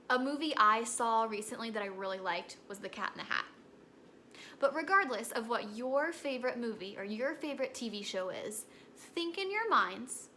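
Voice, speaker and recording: A young woman teaches a recorded lesson for kindergartners with a high, bright voice. She speaks in a gentle, encouraging storytelling manner. Faint background noise sits behind her.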